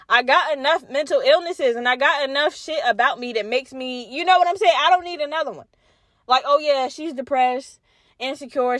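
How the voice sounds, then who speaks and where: A young woman hosting her own podcast, telling a story in a candid, expressive way, swearing freely and talking straight to her listeners. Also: a little high, no room sound, clean studio sound. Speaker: podcast host. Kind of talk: casual solo podcast storytelling.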